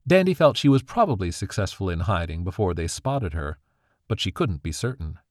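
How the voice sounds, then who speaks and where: Lively low-voiced male storyteller. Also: fairly quick, no room sound, clean studio sound. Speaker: narrator. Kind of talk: storybook narration.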